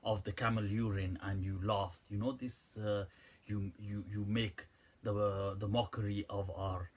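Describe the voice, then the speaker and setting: A man's voice: lowish voice, flat delivery, unhurried, husky, voice pushed down. A man doing a stammering Arabic-accented objector. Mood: indignant, apologetic. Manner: stammering, repeats apologies. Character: agitated Middle Eastern man, apologetic yet indignant.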